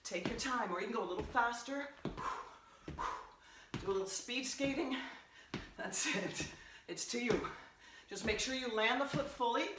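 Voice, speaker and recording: A woman's voice: a little high, measured pace, long pauses. Upbeat woman coaching a home workout. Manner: upbeat coaching, counts down reps. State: out of breath at times. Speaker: fitness instructor. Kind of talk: workout instruction. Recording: roomy, distant, noisy home recording.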